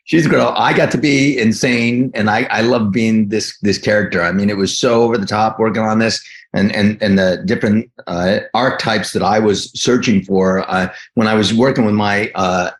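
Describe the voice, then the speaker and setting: A man in his fifties, a guest actor in a casual interview, talking in a rambling, animated way with many restarts. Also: fairly low pitch, moderate pace. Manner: animated storytelling, acts out quotes.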